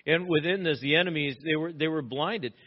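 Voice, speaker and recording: A man preaching an expository sermon, asking rhetorical questions and acting out quoted lines with sudden rises in pitch and loudness. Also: a little fast. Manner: animated, rhetorical questions, acts out quotes with rising pitch and volume. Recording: slightly dull lo-fi sound.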